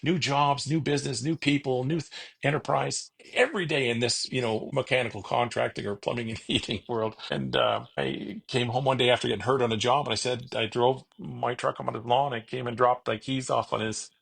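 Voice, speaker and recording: Gravelly, husky man telling stories. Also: mid-range voice, fairly quick, few pauses, a bit bright. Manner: rambling, self-deprecating, quotes people in acted voices. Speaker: podcast guest, car finder. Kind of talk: casual storytelling chat.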